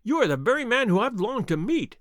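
Nervous little thief, high and pleading, read by a man. Lively, shaky delivery. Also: unhurried, no echo, studio quality, full character voice. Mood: eager. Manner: anxious, pleading, high-pitched.

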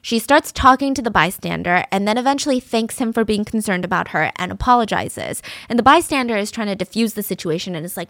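A woman's voice: mid-range voice, lively intonation, fast, few pauses, fairly bright tone, no echo, studio quality. A woman hosting a true-crime podcast, narrating earnestly and describing a recorded argument. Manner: earnest and descriptive, reads out quotes from audio.

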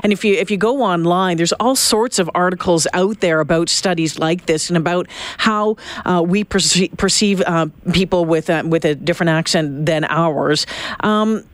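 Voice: medium pitch, normal speed, no echo. Radio host, chatty and loose, mid-range voice, dry studio sound. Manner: chatty, rambling, thinks aloud while asking. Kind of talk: casual radio interview.

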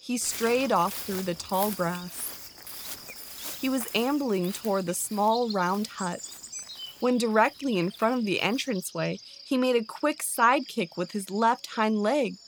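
Woman narrating a storybook, very slow and deliberate, faint crickets and birds behind. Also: medium pitch, a little hiss or hum. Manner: measured, expressive narration. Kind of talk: storybook reading aloud.

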